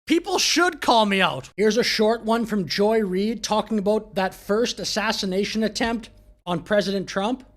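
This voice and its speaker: A man's voice: high-pitched, normal speed. A man hosting a political commentary show, talking over clips in a mocking, exasperated way. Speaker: commentary channel host.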